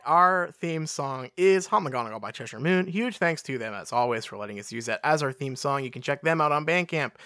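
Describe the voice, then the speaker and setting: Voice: medium pitch, a bit bright, no room sound, clean studio sound. A podcast co-host in casual chat, reading fan fiction aloud with playful character voices.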